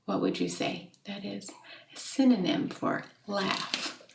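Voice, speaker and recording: A woman's voice: mid-range voice, slow, vocal fry. A woman teaching a second grade class in a recorded video lesson, explaining step by step and often checking in with "okay?". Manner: friendly teacherly, asks questions and checks with "okay?". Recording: echoey room, mic at a distance.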